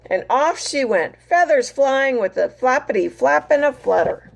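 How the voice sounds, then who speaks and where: A woman reading a picture book aloud to children as their teacher, animated and pointing out the pictures as she goes. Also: high-pitched, unhurried, creaky, hardly any pauses.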